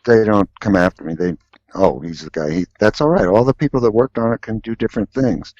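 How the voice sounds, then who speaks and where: A man spins casual backstage anecdotes as a podcast guest, animated and fond of acting out the people in his stories. His voice sits a little low, and the recording is dull and lo-fi with a dry, close sound. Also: brisk, dry recording. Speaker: guest artist. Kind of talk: casual storytelling.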